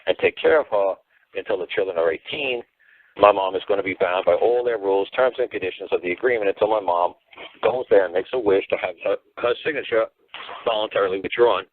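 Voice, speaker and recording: A man's voice: low voice, quick pace, a little hiss or hum. A man giving emphatic, rambling advice on a call-in talk show, heard over a phone line. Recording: tinny dry phone line.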